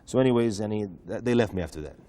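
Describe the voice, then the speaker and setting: A man from the United States telling a personal story in a relaxed, chatty interview, with many asides and restarts. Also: on the low side, racing, a little hiss or hum. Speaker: guest preacher telling his conversion story.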